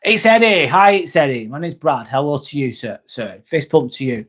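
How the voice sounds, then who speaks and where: Here a chatty man in his forties, a nurse and livestream host, talks casually with viewers at a normal speed and with few pauses. His slightly high, somewhat bright voice has lively intonation, and his blunt manner often trails off into "um" and "mate."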